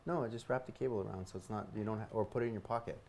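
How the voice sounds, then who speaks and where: A man's voice: fairly low pitch, racing, a little mellow. A man hosting a casual podcast chat, talking loosely with lots of fillers.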